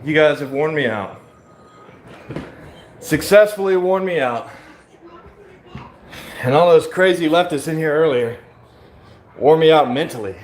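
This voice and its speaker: A worn-out man hosting a casual livestream, his voice sitting a little high. He rambles and talks bluntly, swearing freely, while a faint room hum lingers behind him. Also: unhurried, pauses often. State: tired. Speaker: livestream host.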